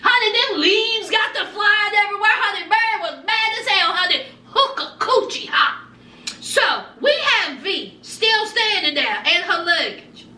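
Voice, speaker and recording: A woman recapping a reality show episode in an animated, dramatic, gossipy way, recorded a little away from the mic in an echoey room. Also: extremely high pitch, unhurried, recorded from a distance. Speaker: reality TV reviewer.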